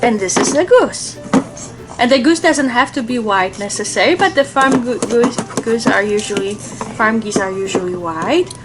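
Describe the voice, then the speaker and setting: A woman's voice: on the high side, lively intonation, normal speed. A young mother chatting casually with her child at home, asking simple questions and encouraging the answers. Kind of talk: casual teaching chat with a child. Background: background music.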